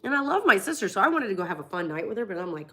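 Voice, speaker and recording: A woman with a bright, forceful voice tells stories on her livestream with a cold. She is blunt and swears freely, and she acts out what each person said in her own animated way. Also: mid-range voice, racing, husky. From Florida. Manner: blunt, profane and animated, acting out quotes. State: has a cold. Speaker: livestream host. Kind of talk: casual live-stream storytelling.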